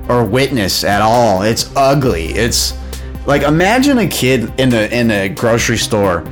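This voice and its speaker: A man ranting in a casual, heated way, rambling and swearing often. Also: medium pitch. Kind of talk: casual profane rant.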